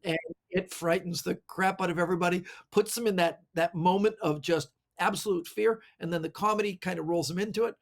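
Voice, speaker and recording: A middle-aged man, a magician guest, telling animated anecdotes with lots of fillers. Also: sits high, brisk. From Canada. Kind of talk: storytelling interview answers.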